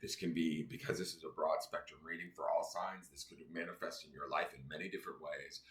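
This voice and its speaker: A man's voice: a bass voice, steady tone, brisk, fairly bright tone. A man giving a casual daily tarot reading, angry and venting as he explains the cards. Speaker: tarot reader. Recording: echoey room, faint noise.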